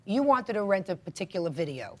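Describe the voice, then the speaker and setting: A woman presiding as a TV judge, questioning parties in a brisk, direct way. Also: medium pitch, big pitch swings, a bit bright. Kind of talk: courtroom questioning.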